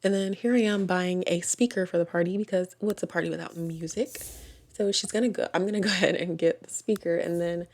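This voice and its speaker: A woman's voice: lowish voice, steady tone, a little fast, darkish tone. A woman hosting a gaming channel who talks through her life-sim game in casual commentary, chatty and giggly, often correcting herself. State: hiccups.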